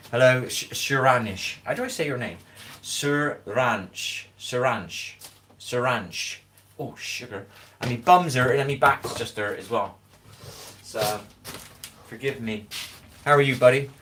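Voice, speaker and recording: This livestream host, recorded at home on his phone, has a West Country English accent and is worn out from lack of sleep as he rambles and reads chat names out loud. He sounds medium-pitched and expressive, a little slow with frequent pauses and a bit bright, over slight background noise.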